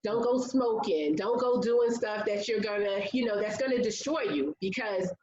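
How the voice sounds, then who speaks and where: A woman, appearing as an interview guest, tells a personal story candidly and earnestly, peppering her speech with "like." Her mid-range voice has lively intonation, a moderate pace, and a darkish tone. The recording is reverberant, with the highs cut off.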